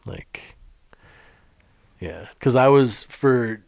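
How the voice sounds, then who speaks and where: A man's voice: medium pitch, lively intonation, drawn-out words, gravelly, a little mellow, dry recording, clean studio sound. A man co-hosting a podcast, telling a story in casual, rambling chat, often restarting his sentences. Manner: rambling, self-interrupting, laughs while telling a story. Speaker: podcast co-host.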